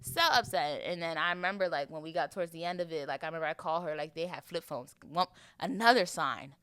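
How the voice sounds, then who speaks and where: A woman's voice: low voice, quick pace, clean tone, no echo. A young woman from Florida, hosting a podcast in a chatty, playful monologue. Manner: chatty, animated, playful, acts out voices. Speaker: podcast host. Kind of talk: casual chat monologue.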